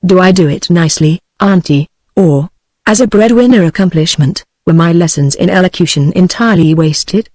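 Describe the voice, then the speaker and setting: A woman's voice: on the low side, normal speed, darkish tone, no echo, natural voice. A synthetic woman's voice with a British accent, reading the lines of a witty, theatrical young society woman in a text-to-speech audiobook. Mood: bantering. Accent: British English.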